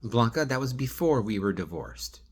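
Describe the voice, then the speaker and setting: A man's voice: mid-range voice, sing-song, moderate pace, husky. A man speaking straight to one absent person in a rambling, pleading video monologue. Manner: rambling, restarts and trails off. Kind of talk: direct-address video monologue.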